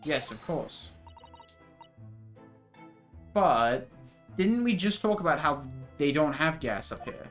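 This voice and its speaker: A man's voice: on the high side, sing-song, slow, pauses often, a bit bright, soft background music, exaggerated voice. A man voicing an earnest young male law student who asks careful questions. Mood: curious.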